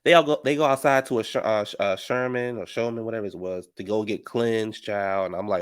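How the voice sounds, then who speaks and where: A man's voice: lowish voice, fairly quick, hardly any pauses, clean tone, no echo. Sassy gossiping man recapping reality TV. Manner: sassy, gossipy, animated storytelling with "honey" and "child". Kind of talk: casual recap commentary.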